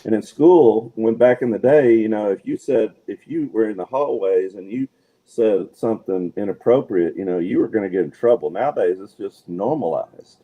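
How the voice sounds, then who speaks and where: A man's voice: on the low side, moderate pace, phone-quality sound. A man co-hosting a casual talk show, agreeing often and sharing his own parenting story. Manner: agreeable, frequent backchannel affirmations. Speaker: co-host. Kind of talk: casual chat.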